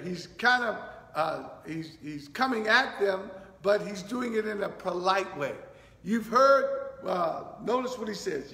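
A man's voice: sits high, fairly bright tone. A man preaching a sermon as pastor, teaching verse by verse with frequent fillers and asides of "thank you, Lord.". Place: church sanctuary. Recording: echoey church hall.

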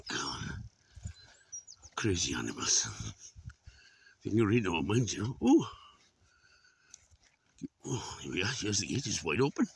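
A man's voice: fairly low pitch, creaky, slight background noise. Panting man in his sixties, climbing outdoors. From Wales. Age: 60s. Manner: exclaiming, swearing often. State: out of breath. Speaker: vlogger. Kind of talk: casual walking commentary. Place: outdoors on a hillside field.

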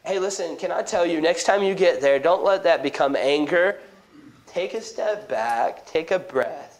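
Male pastor, slightly high voice, lively conversational sermon style, trips over his words. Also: unhurried, poor audio. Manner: conversational, animated preaching with frequent restarts and asides. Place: church sanctuary.

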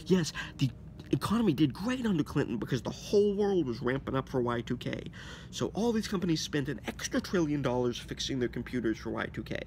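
A man delivering an agitated, sarcastic political rant to camera, swinging between loud outbursts and mocking whispers, his voice going hoarse. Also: mid-range voice, big pitch swings, moderate pace, slight background noise. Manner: agitated, sarcastic, rising to near-shouts and dropping to mock whispers. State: losing his voice. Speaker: political commentator. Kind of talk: ranting monologue to camera.

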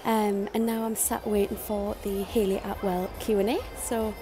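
A young woman vlogging to camera, excited and emotional, hesitant and full of fillers. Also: mid-range voice, normal speed, over music. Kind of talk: casual vlog talk to camera. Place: convention arena and outdoors nearby.

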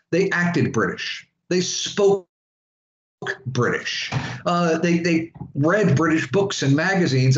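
A man from Florida giving a casual, chatty history lecture to students, full of asides. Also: a little high. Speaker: history instructor. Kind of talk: classroom lecture. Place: classroom. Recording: echoey room, dull lo-fi sound.

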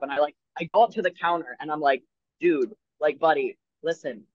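Co-host, male, higher-pitched, rambling storyteller who acts out quotes; dry, dull lo-fi call audio. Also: a little fast, no echo. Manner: rambling anecdotes with acted-out quotes. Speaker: podcast co-host. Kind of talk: casual chat.

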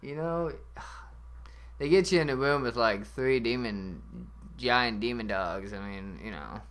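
A man commentating his own gameplay in an excitable way, shouting at enemies and ranting with mock-censored beeps. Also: mid-range voice, slow pace. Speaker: let's play gamer.

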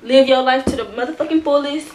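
A young woman hosting a casual shoe-collection vlog, slangy and animated, swearing freely and talking straight to her viewers. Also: high-pitched, quick pace, reverberant, background noise. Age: young adult. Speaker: vlogger. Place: bedroom with shoes behind her.

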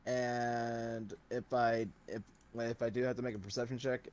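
A man's voice: mid-range voice, level tone, a little slow, darkish tone, smooth. A young man playing in a tabletop game, explaining in a rambling, hesitant way. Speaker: player. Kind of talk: casual tabletop play.

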